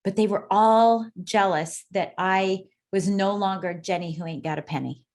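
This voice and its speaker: A middle-aged woman, a guest on an interview podcast, telling her story in an emphatic, animated way. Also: mid-range voice, normal speed. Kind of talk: casual interview conversation.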